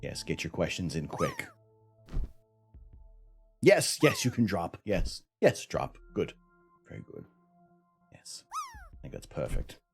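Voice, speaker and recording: A man's voice: sits low, wildly swooping pitch, slow, pauses often, soft background music. A middle-aged Canadian man hosting a live stream, chatty and self-mocking, laughing often as he reads out explanations and answers chat. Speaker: livestream host.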